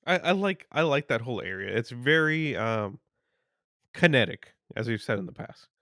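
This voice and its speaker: An easygoing man co-hosts a podcast and often agrees and laughs along. His mid-range voice moves lively in pitch, and it is recorded close and dry. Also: normal speed, no room sound. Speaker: podcast co-host. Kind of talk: casual chat.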